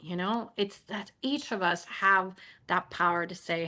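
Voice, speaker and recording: A woman's voice: on the low side, a little slow, sharp tone. Encouraging woman interview host. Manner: encouraging, affirming. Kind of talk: interview conversation.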